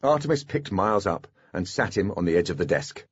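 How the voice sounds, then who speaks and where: A man narrating an audiobook in a scripted, expressive storytelling manner. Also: low voice, a little fast, hardly any pauses, slightly rough, dry recording, lo-fi sound.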